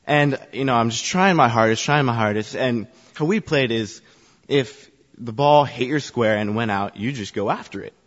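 This church youth ministry staffer speaks at medium pitch and normal speed, with a slightly bright tone. Before the congregation he chats through a self-mocking personal story full of fillers. The echoey hall gives the recording a dull sound.

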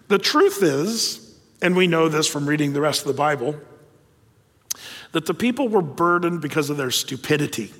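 High-voiced folksy preacher in a big hall. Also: male voice, expressive, moderate pace. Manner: folksy and humorous, with frequent fillers. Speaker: pastor. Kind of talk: sermon.

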